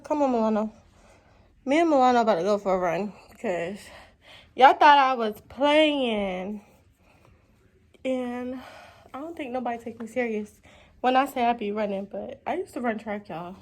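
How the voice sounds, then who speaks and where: Chatty woman vlogging, higher voice. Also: a little mellow. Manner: chatty, talks straight to her viewers. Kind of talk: casual vlog chat.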